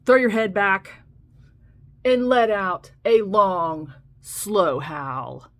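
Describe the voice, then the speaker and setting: A woman's voice: mid-range voice, extremely slow, fairly bright tone. A woman hosting a playful comic nature monologue, coaxing listeners and imitating owl, wolf and bullfrog calls. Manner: playful, mimics animal calls. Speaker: nature show host.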